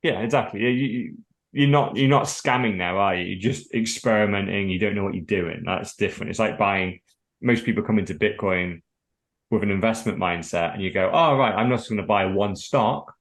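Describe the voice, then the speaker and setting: A man with a low voice chatting on a podcast. He talks bluntly, swears freely and acts out little scenes as he tells his stories. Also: fairly quick. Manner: blunt, sweary, animated storytelling. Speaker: podcast co-host. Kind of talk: casual podcast chat.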